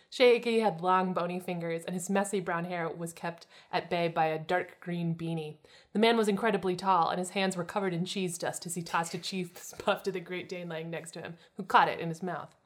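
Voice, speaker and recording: A woman casually chatting and reading fan fiction aloud, breaking into laughs as she reads. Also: on the low side. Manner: laughs often while reading.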